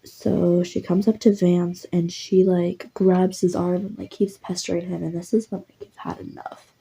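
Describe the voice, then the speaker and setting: A woman's voice: fairly low pitch, little pitch movement, moderate pace, gravelly, dark tone, husky. A woman narrating a story in a casual, rambling way, full of fillers. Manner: rambling, lots of "like". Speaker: voice actor narrating.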